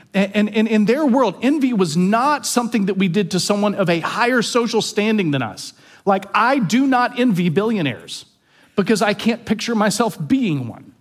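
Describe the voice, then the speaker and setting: A man pastor giving a sermon in an earnest, confessional way, often repeating words as he stresses a point. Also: high-pitched.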